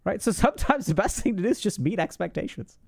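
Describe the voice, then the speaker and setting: A man in his thirties giving life advice to his chat in casual livestream talk, emphatic and animated, swearing now and then. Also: high-pitched, fast talker, gravelly, husky.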